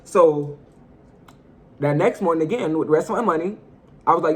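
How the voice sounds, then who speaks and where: A young man telling a personal story in a casual vlog, animated and profane, talking straight to his viewers. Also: on the high side, moderate pace, long pauses, husky. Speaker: storyteller vlogger.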